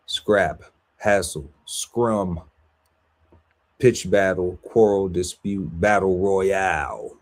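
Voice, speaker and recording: A deep-voiced man co-hosting a podcast, working slowly through a list of words and tossing in playful asides. His voice is low and a little husky, and his delivery is unhurried. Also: darkish tone. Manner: lists words slowly, riffs playfully on them. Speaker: podcast co-host. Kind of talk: reading out a word list with banter.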